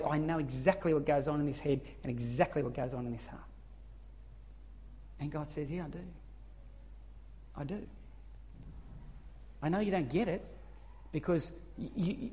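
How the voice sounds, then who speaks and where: Earnest pastor in a reverberant hall. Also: male voice, high-pitched, darkish tone. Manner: earnest, conversational preaching with repeated restarts. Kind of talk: sermon.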